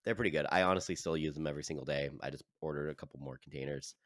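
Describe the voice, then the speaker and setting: A man co-hosting a casual podcast, ribbing his friends and reading a sponsor plug slowly with ums. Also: very deep voice, fairly bright tone, dry recording, studio quality. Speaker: podcast co-host. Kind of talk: casual chat.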